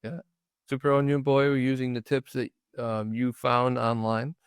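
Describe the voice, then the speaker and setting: Man, co-host, casual movie chat, smooth resonant voice, dry close sound, rambling restarts. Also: mid-range voice, little pitch movement, normal speed, no room sound. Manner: rambling, with frequent restarts and fillers; laughs easily while recounting scenes. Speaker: podcast co-host.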